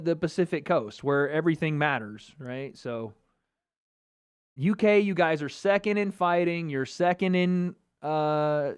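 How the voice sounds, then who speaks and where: Male streamer, slightly high voice, casual and cocky, ribs the chat, laughs a lot. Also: clear, resonant tone. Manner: joking, trash-talking, laughing often. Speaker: livestream host. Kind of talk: casual livestream chat reading comments.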